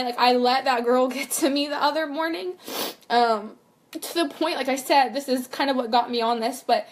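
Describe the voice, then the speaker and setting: Young woman, high pitched, candid personal vlog, earnest, rambling, lots of fillers. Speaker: vlogger and mother.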